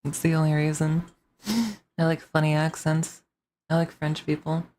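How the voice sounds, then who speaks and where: A woman's voice: sits low, completely flat delivery, moderate pace, dark tone, a little hiss or hum. A woman streamer ranting casually to her chat, rambling and swearing with many restarts.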